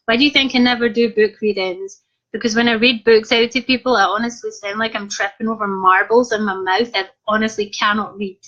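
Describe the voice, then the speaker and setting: A woman's voice: mid-range voice, fairly even intonation, brisk, fairly bright tone. A woman with a Scottish accent, an author chatting casually on a live stream, reading out comments and making jokey asides. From Scotland. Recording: slightly muffled lo-fi live stream.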